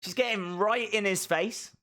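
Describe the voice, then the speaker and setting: A man giving excitable, jokey live commentary while watching a show along with viewers. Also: sits high, moderate pace. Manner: excitable, jokey, talks to himself. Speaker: live stream reactor.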